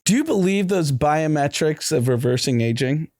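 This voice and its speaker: A man co-hosting a casual podcast chat, often asking questions and pitching in opinions. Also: normal speed, no echo, clean studio sound. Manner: asks questions, expressive intonation. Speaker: podcast co-host.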